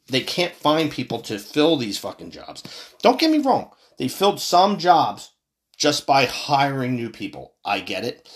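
A man ranting angrily about politics as a commentator, heated and swearing, often stumbling and repeating words. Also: medium pitch. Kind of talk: angry profane political rant.

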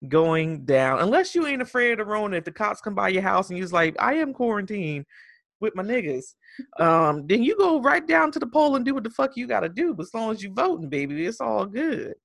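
A woman co-hosting a podcast who talks in an animated, profane way, her pitch swinging widely. Her voice has a gravelly edge. She sits close to a dry mic. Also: fairly quick, few pauses, no echo. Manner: animated, profane, slips into impressions. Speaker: podcast co-host. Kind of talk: casual chat.

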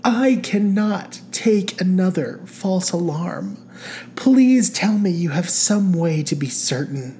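A woman voicing a lovestruck romance heroine, high and overwhelmed. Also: lively intonation, slow, mellow, slight background noise.

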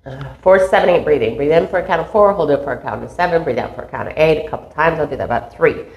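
In a reflective spiritual monologue, a woman with a low voice describes her inner practice at a quick pace, meandering and earnest, sometimes laughing at herself. Her voice echoes in a roomy space, and the recording is a little dull.

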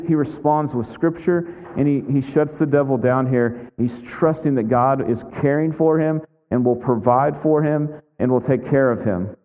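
A man preaching a sermon as pastor in a conversational way, with frequent asides asking his listeners. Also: medium pitch. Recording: tinny lo-fi sound in a big echoing hall.

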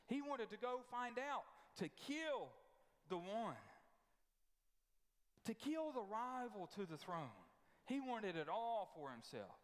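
A man's voice: high voice, big pitch swings, takes it slowly, pauses often. A man, a pastor, preaching a sermon in a folksy, emphatic way, repeating his points. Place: church sanctuary. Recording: long church hall reverb.

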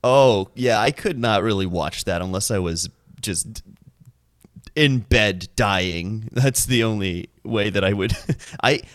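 A man's voice: fairly low pitch, slow pace, no echo, studio quality. A man from Iceland co-hosting a podcast, chatting casually with a jokey, teasing manner. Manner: jokey, teasing, lively delivery. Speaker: podcast co-host. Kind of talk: casual chat.

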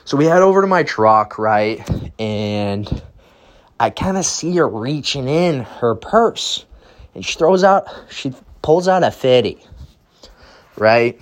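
A man's voice: mid-range voice, animated, slow. A young man hosting a podcast, telling a casual, rambling story and often tagging his sentences with "right?". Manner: rambling, tags lines with "right?". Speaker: podcast host.

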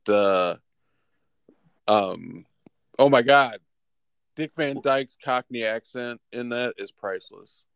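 A man's voice: mid-range voice, smooth, dry recording. A man co-hosting a comedy show, talking in a playful, rambling way with mock threats. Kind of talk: casual comedic banter.

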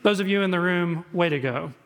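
Man, pastor, sermon, storytelling, gravelly, echoey church hall. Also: high-pitched, a little fast, fairly bright tone. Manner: storytelling, conversational, repeats words. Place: church sanctuary.

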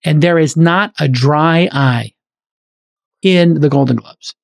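A middle-aged man hosting a podcast in casual chat, talking quickly and enthusiastically with many "like" fillers. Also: fairly high pitch, creaky. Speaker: podcast host.

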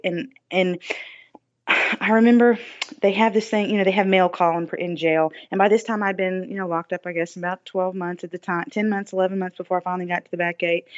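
A woman guest on a podcast interview, telling a personal story in an earnest, reflective way, often saying "you know". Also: on the low side. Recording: dull lo-fi dry recording.

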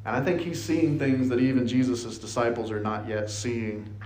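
A man preaching a conversational sermon, playful and animated, telling the story with asides and quick acted-out quotes. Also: medium pitch, a little hiss or hum. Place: church sanctuary. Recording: echoey church hall.

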